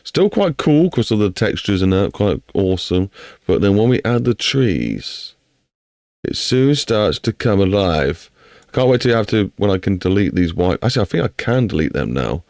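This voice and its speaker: A man with an English accent chats casually on a live stream while building a game map, rambling and talking both to himself and to chat. His lowish voice is sing-song and darkish at normal speed, recorded dry with clean studio sound.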